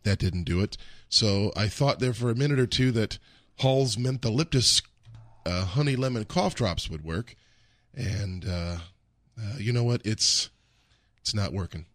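A radio co-host who is losing his voice and talks in halting, rambling bits while broadcasting outdoors in the cold. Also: fairly low pitch, lively intonation, fairly bright tone, dry recording. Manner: rambling, halting, many restarts. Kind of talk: live radio talk.

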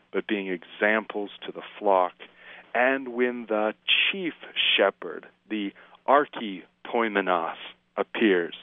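A man, a minister, giving an earnest, reflective commentary on scripture and slowing down to dwell on the verses he quotes. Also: lowish voice, no room sound. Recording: tinny phone-line sound, dry.

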